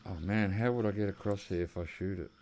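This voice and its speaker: Fast and darkish with a fairly low pitch, this Australian man narrates a hunting game in casual commentary, drifting from story to story. Some slight background noise is audible.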